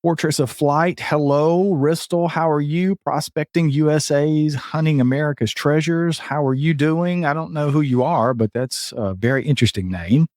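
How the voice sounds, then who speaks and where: A man's voice: a little high, normal speed, few pauses, a little mellow, no echo, clean studio sound. Upbeat chatty male podcast host. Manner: upbeat, chatty, greets viewers in the chat. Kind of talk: casual live podcast chat.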